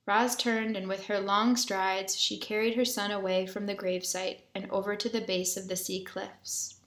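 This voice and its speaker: A woman narrating a children's novel aloud with clear, steady storytelling. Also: mid-range voice, moderate pace, few pauses.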